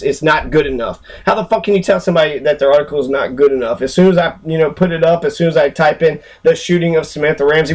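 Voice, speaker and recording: A man's voice: on the high side, fairly quick, darkish tone. A man ranting angrily and profanely while he walks through a screen recording, rambling and full of fillers, with a sarcastic, mocking edge. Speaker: channel host. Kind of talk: angry screen-recorded rant.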